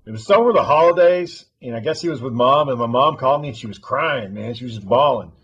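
A man's voice: medium pitch, expressive, quick pace, fairly bright tone, muffled recording. A man telling a long story in casual chat, rambling and swearing freely.

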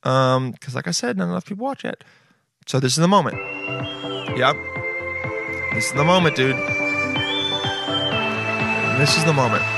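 A man in his late twenties giving casual reaction commentary, swearing often and saying "dude" all the time. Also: medium pitch. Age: late 20s. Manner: laid-back, swears often, says "dude" constantly. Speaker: video reactor. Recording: music playing behind the voice.

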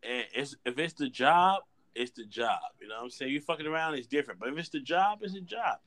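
A man's voice: a little high, expressive, fairly quick, a bit bright. A man co-hosting a casual podcast chat, telling loose, crude, joking stories. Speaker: podcast co-host.

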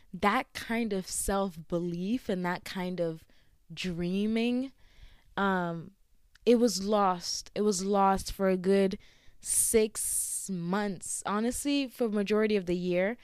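A young woman talks through a casual solo podcast, chatty and quick to laugh. She acts out the lines she quotes with bright jumps in pitch. Her voice is smooth and clear, recorded close and dry. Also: dry recording. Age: young adult. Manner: chatty and giggly, with frequent laughs. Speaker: podcast host.

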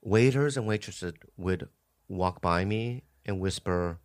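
A man's voice: lowish voice, slow, smooth. A middle-aged man co-hosting a podcast in casual chat, telling stories animatedly and laughing often. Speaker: podcast co-host.

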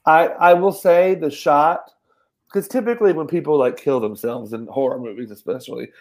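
A man's voice: a little high, moderate pace. Easygoing man podcast co-host. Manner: easygoing, stammers, quotes his own reactions. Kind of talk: casual movie review chat.

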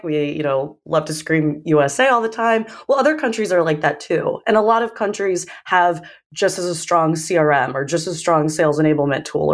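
An American woman, a sales leader, telling stories in a casual interview and acting out the dialogue. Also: fairly low pitch. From United States. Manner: animated storyteller, acts out dialogue. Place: living in London.

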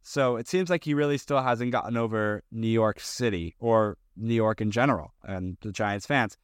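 A man co-hosting a podcast, talking loosely and circling back through fillers and restarts. His voice is smooth and resonant. It is recorded dry and close, with little room sound. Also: on the low side, normal speed, no echo. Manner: rambling, with many fillers and restarts. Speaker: podcast co-host. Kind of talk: casual chat.

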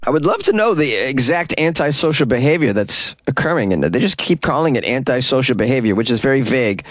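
A man's voice: medium pitch, expressive, fast talker. A man with a mid-range voice reads weird news stories and keeps breaking off into sarcastic jokes about them. The sound is close and dry, with no room echo. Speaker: podcast host. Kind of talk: comedic news commentary. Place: small closet.

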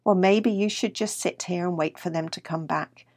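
A woman voicing a tiny, restless grey male mouse with a quick, squeaky manner in a storybook. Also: darkish tone, dry recording, studio quality. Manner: quick, squeaky, a bit higher.

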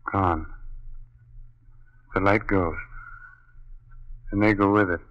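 An actor playing an awed husband describing a ghostly scene in a 1930s radio drama. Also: male voice, low-pitched, fairly even intonation, takes it slowly. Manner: hushed, awed, urgent. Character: awestruck husband watching ghosts. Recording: muffled old radio recording.

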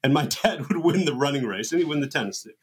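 Podcast host, male, slightly high voice, rambling and self-mocking. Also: expressive, fast talker, slightly rough. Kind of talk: casual chat.

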